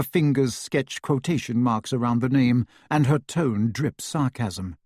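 A man narrating an audiobook with an expressive reading, recorded close to the mic. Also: medium pitch, a little slow, hardly any pauses, dry recording.

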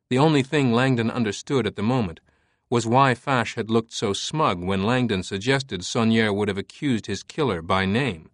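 A man's voice: lowish voice, normal speed, no echo, studio quality. Man narrating an audiobook. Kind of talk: scripted narration.

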